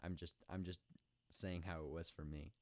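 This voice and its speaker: A young adult man hosts a casual solo podcast at home at night, talking into a podcast microphone in an indoor room with no room sound. His voice is low-pitched, steady, and darkish, moving at a moderate pace as he rambles, jokes about himself, and restarts often.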